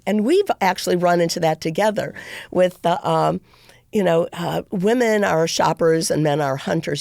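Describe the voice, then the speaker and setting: A woman's voice: lowish voice, vocal fry, darkish tone, dry recording, studio quality. A middle-aged woman, a podcast guest, telling a long story in a rambling way with many restarts. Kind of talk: casual interview storytelling.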